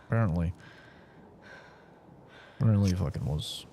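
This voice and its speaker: A tired young man with a low voice streams a game at a moderate pace, with a little hiss or hum in the audio. Worn out from a long session, he gives live gaming commentary, talking to himself, swearing and bursting out excitedly as he plays.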